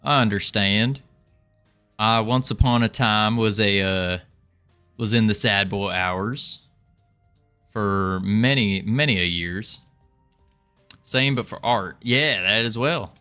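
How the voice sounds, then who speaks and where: A man's voice: fairly low pitch, takes it slowly, pauses often, sharp tone, smooth, faint music behind. A man streaming his game development, chatting casually with a playful, rambling manner and often repeating his own phrases. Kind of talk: casual livestream chat.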